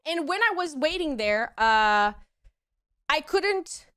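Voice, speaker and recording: A young woman streamer casually telling a story to her chat, acting out the quoted lines in squeaky high voices. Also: sing-song, slow pace, sharp tone.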